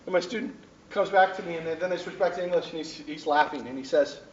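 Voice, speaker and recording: Animated man lecturing in a roomy hall. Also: a little high, fast, slight background noise. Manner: animated, bursts into shouted hints. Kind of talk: classroom lecture with anecdotes. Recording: roomy, distant, dull lo-fi sound.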